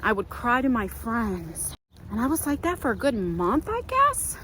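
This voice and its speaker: In her casual walk-and-talk vlog, a middle-aged woman rambles into her handheld phone outdoors, chatty and full of fillers. Her slightly high, somewhat bright voice swings hugely in pitch at a moderate pace. The recording is rough, with a little background noise.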